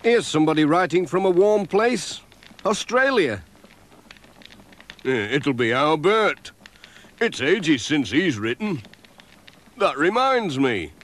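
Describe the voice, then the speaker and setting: Cartoon handyman, a man playing a jovial villager, slow, bouncy pitch. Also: very animated, fairly bright tone, heavily acted. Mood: hearty. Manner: hearty and generous. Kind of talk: children's animation voice acting.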